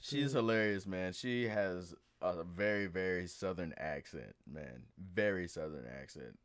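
A man's voice: low-pitched, measured pace. A man hosting a casual podcast chat, laid-back, laughing often and swearing freely. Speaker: podcast host.

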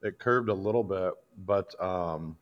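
A man's voice: low voice, a little slow, lo-fi sound. A man from Iowa, a combat veteran guest, bluntly telling a war story in casual, profane podcast talk. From Iowa, United States.

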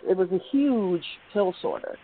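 A woman's voice: medium pitch, lively intonation, a little slow. A middle-aged woman telling a long personal story, rambling with many fillers and restarts. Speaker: guest. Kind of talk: emotional personal account. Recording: tinny phone line with faint hiss.

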